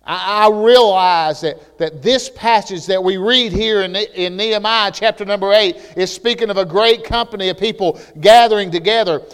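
High-pitched preacher guy getting fired up, lots of hall echo. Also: clean tone. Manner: impassioned preaching, rising to shouts, with repeated restarts. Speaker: pastor. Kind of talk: sermon. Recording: long hall reverb.

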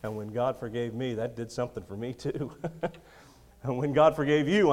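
A man in his thirties preaching a sermon in a storytelling way, laughing often and swinging between quiet, close moments and loud ones. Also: medium pitch, a little fast. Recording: long hall reverb.

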